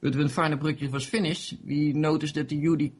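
A man's voice: a little high, flat delivery, fairly quick, slightly rough. A man being interviewed about his game mod, talking casually with many fillers and restarts. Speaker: interview guest, game modder.

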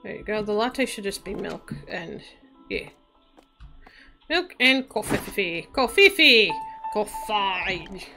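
A woman's voice: medium pitch, sing-song, slow pace, gravelly, long pauses, music in the background. A woman streamer giving casual, playful gameplay commentary and making silly sound effects as she plays. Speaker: VTuber streamer.

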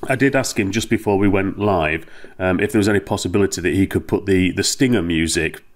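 A man's voice: deep voice, a little fast. A man hosting an astronomy podcast over a video call, steering segments in a jokey way. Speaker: host.

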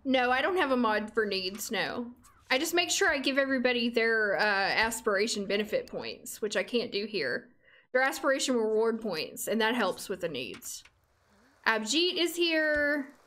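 While livestreaming a game, a young adult woman chats casually, laughs frequently and talks to the characters. Her voice is a little high and a bit bright, with big pitch swings at normal speed, over faint music.

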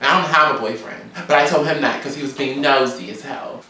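A woman from Georgia, telling a story in a sassy, animated, profane vlog rant. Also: very deep voice, fairly quick, far from the mic. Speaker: vlogger. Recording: very echoey room, away from mic.

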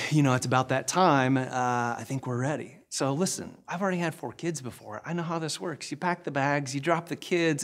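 A man's voice: mid-range voice, a bit bright. A middle-aged man preaching a sermon as pastor in a large church, conversational and folksy, telling stories and repeating words as he goes. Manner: conversational, folksy storytelling with repetitions.

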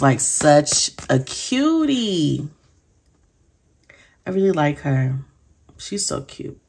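Low-voiced chatty woman vlogger. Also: vocal fry. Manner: chatty, giggly, addresses viewers as y'all. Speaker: planner sticker vlogger. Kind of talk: casual chat.

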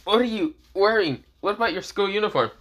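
Man reading a flustered parent, fussing, doting, bright tone. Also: sits high, expressive, brisk, pitched above the performer's own voice.

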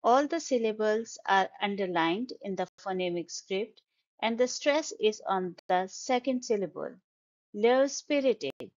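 A woman's voice: mid-range voice, dull audio. A woman teaching an English vocabulary lesson, carefully sounding out words syllable by syllable. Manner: slow, deliberate, stresses syllables.

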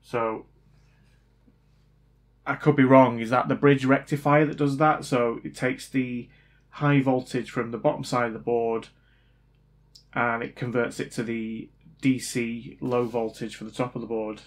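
A hobbyist repair vlogger thinks aloud in casual commentary while working on a fix, often doubting himself. His medium-pitched voice stays fairly even, moves a little slowly, and is broken up by frequent pauses. He comes across as hesitant and unsure.

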